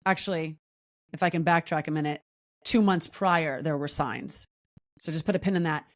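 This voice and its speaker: A woman in her forties tells her story as a podcast guest, her voice sitting on the low side. She talks candidly and with lots of life, jumping high in pitch whenever she acts out what someone said. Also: moderate pace. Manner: animated, acts out quoted voices with big pitch jumps. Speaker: podcast guest, wellness coach.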